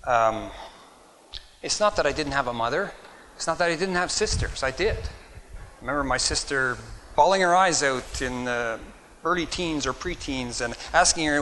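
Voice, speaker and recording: A man's voice: a little high, moderate pace, bright, forceful tone, slight background noise, rough recording. A middle-aged man preaching a sermon, reading old-fashioned scripture aloud, then speaking earnestly and unscripted with frequent restarts. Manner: earnest, reads in King James wording then speaks off the cuff with repeated words.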